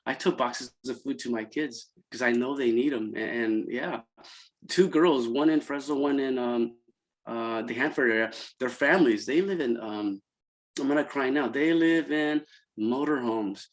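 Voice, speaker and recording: Halting, heartfelt middle-aged man. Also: medium pitch, poor audio. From Central California. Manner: halting, many restarts and fillers, voice rising when quoting students. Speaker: interview guest, college program founder. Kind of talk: emotional conversational storytelling.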